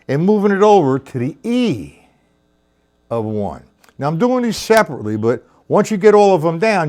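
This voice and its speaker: A man teaching a live-streamed drum lesson. He counts rhythms aloud, calls out stickings and talks to viewers by name. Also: on the high side. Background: drum kit.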